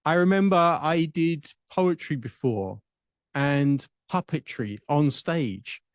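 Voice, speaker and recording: English-accented male coach, unhurried reflective teaching tone with long pauses, dry intimate recording. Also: a little high, no echo. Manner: measured, deliberate, with long pauses. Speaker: speech and public speaking coach.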